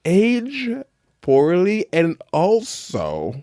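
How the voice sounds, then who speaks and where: A man's voice: sits high, huge pitch swings, extremely slow, mellow, no room sound, studio quality. A man co-hosting a podcast, running a quiz in a playful mock-grand tone, then chatting casually. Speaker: podcast co-host. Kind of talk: casual chat. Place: Paris.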